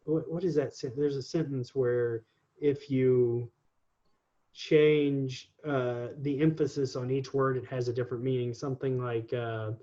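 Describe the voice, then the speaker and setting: A man's voice: medium pitch, fairly even intonation, measured pace, dark tone, lo-fi sound. A man in his forties, a guest talking casually in an interview, rambling with lots of ums and restarts. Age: 40s.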